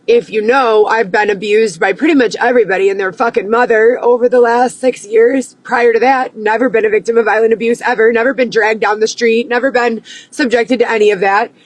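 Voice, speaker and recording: A woman's voice: on the high side, steady tone, fairly quick, poor audio. Agitated, profane woman ranting. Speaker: vlogger. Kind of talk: ranting monologue to camera.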